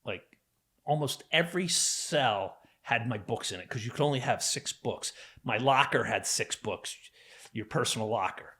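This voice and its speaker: A man's voice: mid-range voice, expressive, moderate pace, bright, forceful tone. A man from New Jersey, a podcast guest, telling his own life story in a casual, earnest way, full of fillers and acted-out quotes.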